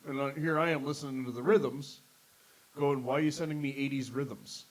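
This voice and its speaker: A man's voice: medium pitch, steady tone, fairly quick, low-quality recording. A man hosting a casual podcast, telling rambling stories and swearing freely. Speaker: podcast host. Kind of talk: casual chat.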